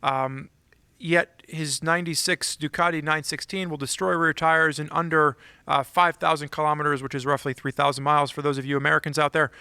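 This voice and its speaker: Chatty guy cohosting a podcast, bright forceful voice, kinda high, dry sound. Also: little pitch movement, fairly quick, creaky, clear, resonant tone, no room sound. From Philadelphia area. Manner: chatty, reads listener emails aloud. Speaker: podcast co-host. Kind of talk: casual podcast chat.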